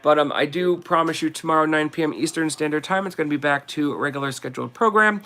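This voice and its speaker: A man's voice: on the high side, fast, bright, forceful tone. A man with a New Jersey accent hosting a casual livestream, rambling and chatty and laughing often as he sells collectibles. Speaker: livestream host selling collectibles.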